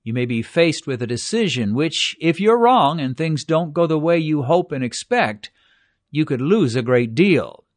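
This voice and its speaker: An older man preaching in a measured, earnest tone, giving a devotional Bible teaching. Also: a little high, expressive, dry recording.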